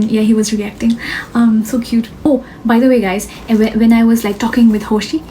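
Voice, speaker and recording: A young woman from the Himalayas telling an excited, self-mocking story in a casual vlog. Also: fairly high pitch, a little hiss or hum, poor audio. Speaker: vlogger.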